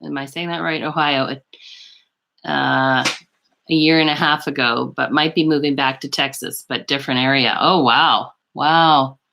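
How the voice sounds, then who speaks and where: A woman's voice: rumbling low, fairly even intonation, moderate pace, gravelly, noisy background. A woman from western Canada hosting a live beauty stream, chatting casually with viewers in a rambling way full of asides. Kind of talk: casual live chat, reading viewer comments.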